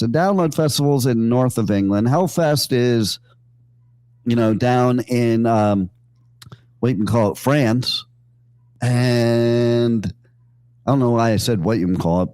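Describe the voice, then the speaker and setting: Speaking in a mid-range voice that's a little mellow, a man hosts a radio show with no room sound around him. His on-air storytelling is casual and jokey, rambling and packed with fillers and asides.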